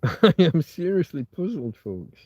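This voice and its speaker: An English livestream host with a fairly high, very animated, darkish and husky voice rambles through a live chat at a measured pace, reading comments aloud. He muses, interrupts himself, and gets easily puzzled while talking things through, and the dry stream audio sounds slightly dull and lo-fi.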